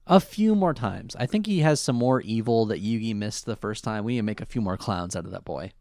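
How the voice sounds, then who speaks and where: A man's voice: lowish voice, animated, brisk, a little mellow. A man co-hosting a casual recap chat who talks animatedly, laughs often and acts out the characters. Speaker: podcast co-host.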